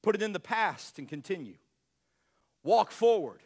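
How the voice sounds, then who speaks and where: A man preaching a sermon as pastor, emphatic, repeating his words and swinging between loud and quiet. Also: sits high, expressive, moderate pace.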